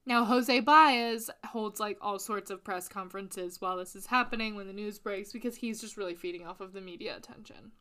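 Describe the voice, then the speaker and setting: A woman co-hosting a casual true crime podcast, recounting a case in an animated, sweary way and laughing often. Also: medium pitch, brisk, hardly any pauses. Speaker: podcast co-host.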